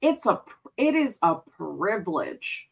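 A woman's voice: on the low side, measured pace, vocal fry, husky. A woman in her thirties, a podcast guest, talking candidly in casual conversation and mixing in Spanish phrases. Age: 30s. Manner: candid, animated storytelling with frequent fillers and Spanish phrases.

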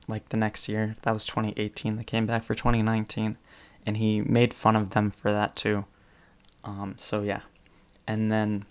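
In a spoken presentation, a man with a fairly low, clear and resonant voice casually retells funny stories. His delivery is chatty, full of fillers, with chuckles slipped in between phrases.

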